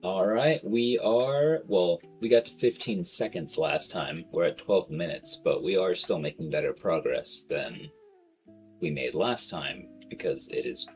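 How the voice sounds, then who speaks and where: Deep-voiced guy streaming, rambly and slangy, cusses a lot, bit of guitar music playing low behind him. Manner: rambling, slangy, swears freely. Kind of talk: casual livestream chat.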